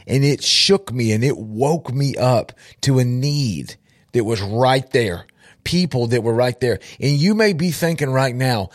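A man's voice: mid-range voice, measured pace, dry recording, studio quality. A man, an outreach minister telling a story with emphatic repetition and direct appeals to listeners. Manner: emphatic, repeats for effect, addresses listeners directly. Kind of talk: storytelling testimony.

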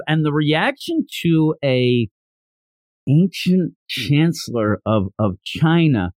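A man's voice: on the high side, sing-song, takes it slowly, a little mellow, dry recording. A man chatting casually about an anime, sarcastically acting out the characters' lines. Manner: sarcastic, acts out characters' lines in exaggerated voices. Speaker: podcast host reviewing an anime. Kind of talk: casual chat.

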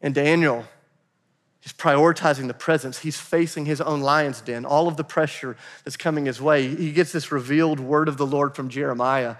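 An earnest man preaches in a slightly high voice, and it carries a long reverb through a church hall. He talks straight to the people in front of him, calls them "guys," and presses every point home. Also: steady tone, normal speed. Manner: earnest, direct, addresses the room as "guys". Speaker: pastor. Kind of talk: sermon. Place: church sanctuary.

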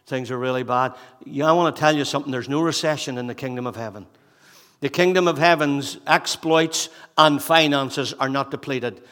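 A man preaches a sermon in a church hall, his voice bright and forceful. He speaks at a somewhat high pitch and builds his points through repeated rhetorical questions. A long reverb from the hall trails behind his words. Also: moderate pace. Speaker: pastor.

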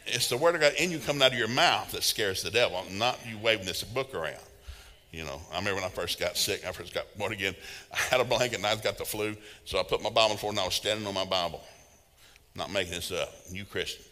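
Man, preacher, folksy humorous sermon, bright tone, long reverb in a large hall. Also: fairly low pitch, fast. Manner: folksy, humorous storytelling with laughs.

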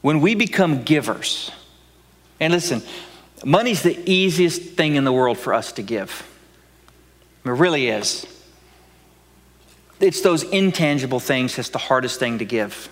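A man's voice: on the high side, lively intonation, a little slow, pauses often, in a large hall. A man preaching a sermon with dramatic delivery, acting out voices and dropping to whispers for emphasis. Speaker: pastor.

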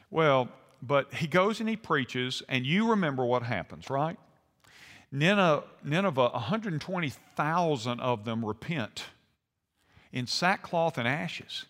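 A pastor with a slightly high, somewhat bright voice preaches a sermon in a folksy, conversational style. He acts out quotes with growing intensity, and the recording has a long hall reverb.

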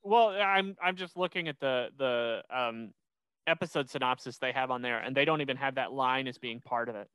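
A young man chats casually on his podcast, bouncing through a recap with frequent restarts. His voice is bright and clear, set somewhat high, and the recording is close and dry. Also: moderate pace, no echo. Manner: rambling, many restarts, animated. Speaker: podcast host.

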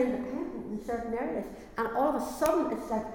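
A woman's voice: on the high side, quick pace, hardly any pauses, a little mellow, slight background noise. A woman preaching a sermon in an earnest way, often repeating and restarting phrases. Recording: very echoey hall reverb.

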